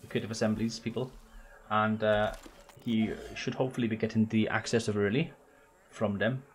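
A man's voice: fairly low pitch, fairly even intonation, moderate pace, slight background noise. A young man streaming a video game, joking, swearing and chatting to his viewers. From Wales. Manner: sweary, joking, talks to chat. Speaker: gaming streamer. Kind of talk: casual let's-play commentary.

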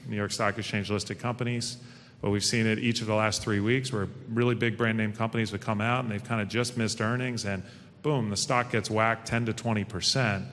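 A man's voice: fairly low pitch, vocal fry, fairly bright tone. A middle-aged man speaking as a panel guest at a fireside chat, folksy and confident as he tells stories. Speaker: stock exchange president, panel guest. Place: event hall. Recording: long hall reverb.

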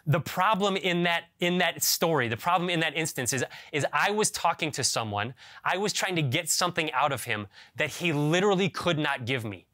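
A man preaching a sermon as pastor, reading scripture and then telling a lively story with acted-out dialogue. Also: fairly high pitch, moderate pace, dry recording. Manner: animated storyteller, acts out phone dialogue.

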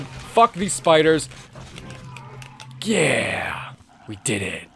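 A man's voice: fairly high pitch, slow, long pauses, soft background music. A man commentating a video game, joking and swearing as he plays. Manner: excitable, joking, swears often, reads game text aloud. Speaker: gameplay commentator. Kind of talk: profane let's-play commentary.

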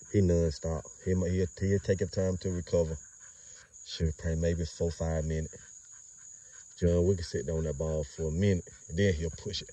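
Man, very low and husky, chatty breeder vlogging outdoors off-mic. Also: mellow, dry recording, far from the mic. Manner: loose, rambling street talk with laughs. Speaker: dog breeder filming his kennel. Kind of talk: casual outdoor vlog narration.

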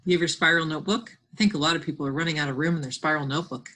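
A woman teacher giving a remote phonics and spelling lesson, slowly sounding out letters and words and encouraging her absent students. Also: deep voice, steady tone, fairly bright tone.

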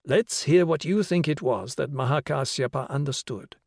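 A man's voice: medium pitch, moderate pace, slightly rough, no room sound, studio quality. A man reading the part of a patient, playful young male teacher who explains and questions a class of children. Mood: questioning. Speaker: schoolteacher. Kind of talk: audiobook character reading.

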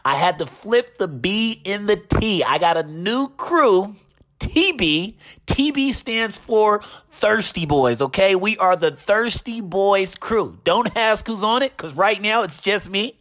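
A man's voice: sits high, animated, slow pace, fairly bright tone. A man hosting a gaming channel, mockingly recounting online drama with a repeated catchphrase.

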